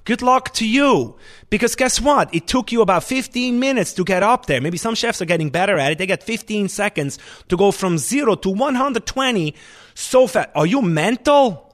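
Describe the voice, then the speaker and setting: A man, a restaurant chef and owner, talking in an animated, emphatic way in a casual interview. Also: high voice, moderate pace.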